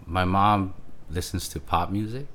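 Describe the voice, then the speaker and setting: A man's voice: sits low, steady tone, measured pace, a bit bright. A man, a guest musician from Hawaii, talking in a laid-back, hesitant way. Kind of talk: casual chat.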